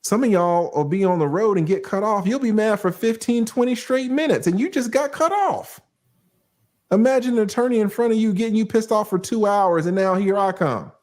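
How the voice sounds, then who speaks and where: A man hosting a livestream, talking casually and profanely, reading out viewer shout-outs. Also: high voice, fairly quick. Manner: animated, profane, reads out chat shout-outs. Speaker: host.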